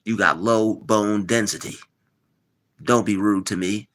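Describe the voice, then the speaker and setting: A man's voice: lowish voice, steady tone, measured pace, fairly bright tone. A man hosting a live stream, talking casually, teasing and replying to his chat with lots of repetition. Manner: mocking, repetitive, replies to chat.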